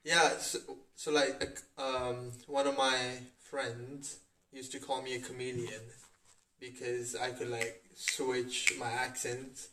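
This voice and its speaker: A man from India chatting casually on a podcast, laid-back and hesitant, with loud bursts of disbelief. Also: medium pitch, flat delivery, takes it slowly, far from the mic. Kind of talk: casual chat. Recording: echoey room, off mic.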